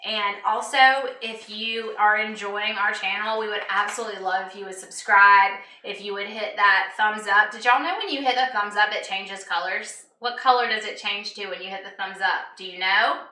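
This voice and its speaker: A woman's voice: mid-range voice, steady tone, moderate pace, few pauses, bright, forceful tone. A woman with a Southern American accent, co-hosting a live cocktail show in casual chat, laughing often. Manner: chatty, laughs often, says y'all. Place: home kitchen, roomy. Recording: echoey kitchen, distant mic, faint noise.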